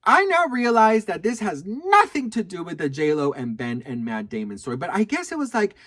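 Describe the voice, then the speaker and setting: A man telling a gossipy story to camera, sassy and animated, swearing freely and calling his viewers "girl.". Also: sits high, fairly quick. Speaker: video creator.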